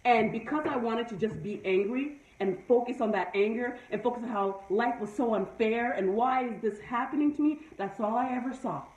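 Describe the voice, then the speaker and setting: A woman's voice: a little high, normal speed, hardly any pauses, darkish tone. A woman giving a motivational talk to her live viewers, preachy and emphatic, repeating her points. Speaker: live-stream host. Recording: echoey room, far from mic, dull sound.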